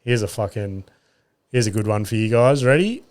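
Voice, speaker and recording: A man's voice: on the low side, expressive, moderate pace, a little mellow. A man, hosting a casual solo podcast and telling exasperated, profane stories with wry laughs into a close mic. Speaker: podcast host.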